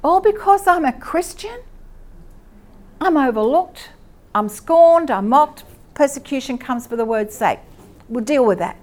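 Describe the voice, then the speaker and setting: A middle-aged Australian woman giving a lively, conversational church teaching and asking her listeners questions. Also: sits high, a little slow. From Queensland, Australia. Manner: lively, asks the audience questions.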